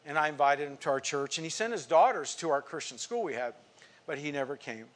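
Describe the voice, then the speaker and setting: A man preaching a sermon to his congregation, telling a personal story and swinging from quiet asides to emphatic outbursts. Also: on the high side, lively intonation, fairly quick. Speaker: pastor.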